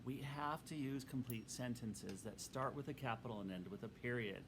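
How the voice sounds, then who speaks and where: A man reading a storybook aloud to his students in a patient, instructive and expressive way. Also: medium pitch, normal speed, background noise.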